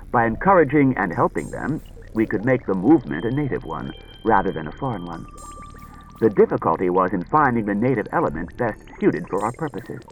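A man doing a calm, cold robot. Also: fairly low pitch, low-quality recording. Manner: even, patient and measured.

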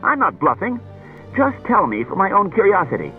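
A man plays a hard-nosed police detective, speaking in a brisk, needling, commanding way through what sounds like a tinny old radio broadcast. His voice sits high and is pushed up, with wildly swooping pitch and faint music in the background.

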